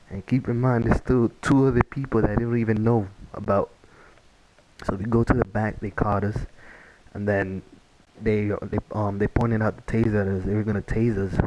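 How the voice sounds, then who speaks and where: A man's voice: lowish voice, darkish tone, lo-fi sound, a little hiss or hum. A young man telling a casual story-time tale, rambling with many fillers and restarts. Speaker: vlogger.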